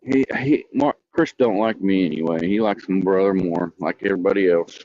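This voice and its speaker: Deep-voiced blunt man, lo-fi sound. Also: a little fast, darkish tone, no echo. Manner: blunt, grumbling, self-deprecating. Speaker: co-host. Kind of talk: casual chat. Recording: dull lo-fi sound.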